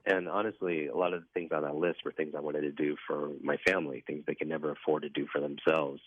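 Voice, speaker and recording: A man's voice: very deep voice, level tone, fast talker, breathy edge, no room sound. A man telling his personal story as a guest in a radio interview, in an earnest, reflective way. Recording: dry tinny phone line.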